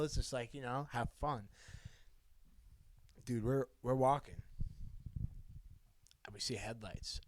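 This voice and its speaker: Animated young man telling a story. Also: medium pitch, unhurried, long pauses, no echo. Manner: animated, laughing, swearing, lots of "like" and "dude". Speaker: podcast co-host. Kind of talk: casual storytelling chat.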